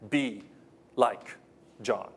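A man preaching a sermon with passion, repeating phrases for emphasis and moving between soft, quiet lines and loud, rising ones. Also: lowish voice, very slow, creaky, slight background noise. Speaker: pastor.

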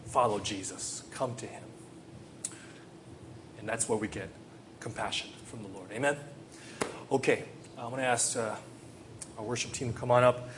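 An impassioned male preacher delivering a sermon in a church, his voice swelling into loud, pleading questions and then sinking low and hushed. He sits at an ordinary middle pitch, with a faint hiss of noise behind him. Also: fairly even intonation, moderate pace, long pauses. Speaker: pastor.

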